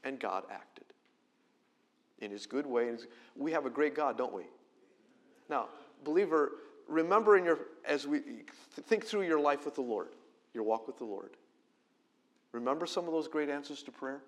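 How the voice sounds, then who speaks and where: A middle-aged man, a pastor, preaching a conversational sermon that swings between loud emphasis and quiet, close delivery. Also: medium pitch, animated, normal speed.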